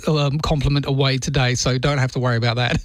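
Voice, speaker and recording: A man's voice: medium pitch, steady tone, fast talker, no room sound. A man hosting talkback radio, chatty and jokey, laughing often with callers. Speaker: radio host. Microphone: studio microphone.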